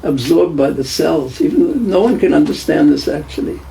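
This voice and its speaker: A man's voice: on the high side, animated, normal speed, vocal fry, mellow, a little hiss or hum, rough recording. A man giving a devotional class lecture in a conversational way, repeating phrases and putting questions to the listeners. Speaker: lecturer on scripture.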